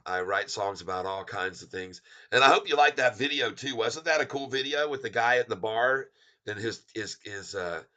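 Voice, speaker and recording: A man hosting a casual livestream about stocks. He talks in an excitable, rambling way, with loud exclamations and restarts. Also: on the low side. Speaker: stock market vlogger and songwriter.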